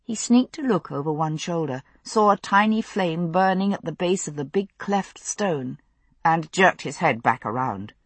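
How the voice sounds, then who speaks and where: A woman reads a novel aloud in a measured, expressive storytelling manner. Her voice is low and husky, with a lively, wide-ranging melody. The recording is close and dry. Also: no room sound. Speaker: audiobook narrator. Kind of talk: scripted audiobook narration.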